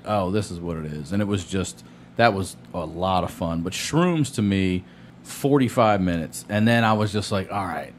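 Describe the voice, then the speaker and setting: A man in casual podcast chat, laid-back and quick to laugh. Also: deep voice, a little hiss or hum. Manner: laid-back, laughs along, asks short questions.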